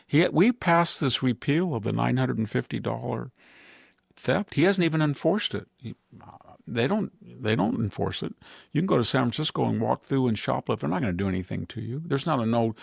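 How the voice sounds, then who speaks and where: A man hosting a political podcast in a rambling, sardonic manner, with a mid-pitched voice full of gravelly fry. His commentary jumps between points and into quick impressions. The sound is dry and close. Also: dry recording. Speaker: podcast host.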